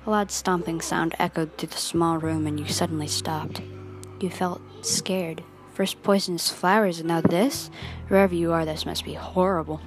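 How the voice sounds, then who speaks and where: Young woman, storyteller, second-person narration, dramatic, lowish voice, background music. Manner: dramatic, questioning, earnest.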